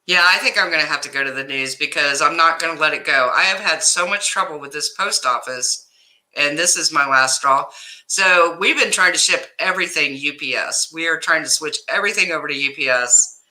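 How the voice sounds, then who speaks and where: A middle-aged woman hosting a casual livestream, telling a story in an animated way and greeting viewers by name, upset and stressed. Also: low voice, a little fast, rough recording. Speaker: livestream host.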